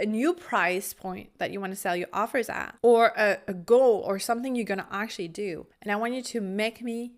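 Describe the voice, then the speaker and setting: A lively woman with a fairly high voice talks through her solo coaching podcast. She is playful and animated, and now and then stops to hunt for the right English word. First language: French. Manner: animated and playful, searches for English words aloud. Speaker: podcast host and business coach.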